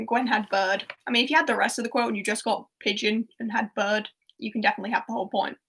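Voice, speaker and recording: A young woman hosting a casual livestreamed pub quiz, chatty and laughing softly as she reads out quotes and answers. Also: a little high, fast talker, slightly rough.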